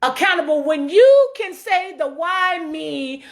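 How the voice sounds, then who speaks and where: A woman giving an informal sermon with dramatic swings from shouts to low, quiet lines and humorous asides. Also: animated, slow. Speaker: preacher.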